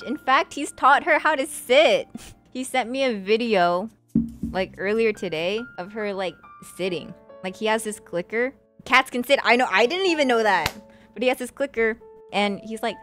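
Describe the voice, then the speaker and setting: A young woman streamer with a mid-range, slightly bright voice talks at normal speed over faint background music. Chatting casually with her viewers, she emotionally tells a sad personal story, using lots of "like" fillers.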